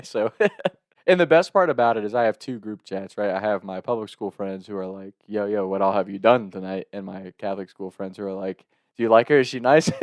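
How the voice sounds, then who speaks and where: Casting: man, lower voice, dry close sound, chatty comic storyteller who keeps cracking up. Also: dry recording. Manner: laughs often, animated, swearing, filler-heavy. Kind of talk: casual comedic storytelling.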